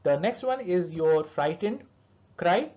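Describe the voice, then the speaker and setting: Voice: mid-range voice, animated, takes it slowly, warm tone. Lecturer explaining, on a dull lo-fi recording. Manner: explanatory, checks in with "all right" and "okay". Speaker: lecturer in pediatric dentistry. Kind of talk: recorded lecture to dental students.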